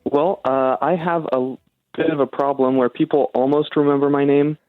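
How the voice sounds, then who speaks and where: Caller: young college-age man, halting delivery, tinny dry phone sound. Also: fairly high pitch, steady tone, dry recording. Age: young adult. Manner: hesitant, lots of ums and uhs. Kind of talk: casual call-in chat. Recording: phone-like call line.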